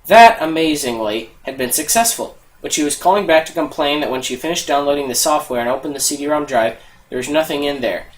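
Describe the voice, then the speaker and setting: Animated man reading tech jokes. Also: fairly high pitch, a little fast, rough recording. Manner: animated joke-telling with loud put-on customer voices. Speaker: podcast co-host. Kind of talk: casual podcast chat, reading tech jokes aloud.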